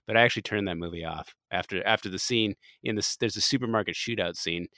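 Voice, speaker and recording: A man's voice: lowish voice, quick pace, pushed and bright, no echo. A man co-hosting a casual podcast, playful and teasing, laughing often. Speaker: podcast co-host. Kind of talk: casual chat.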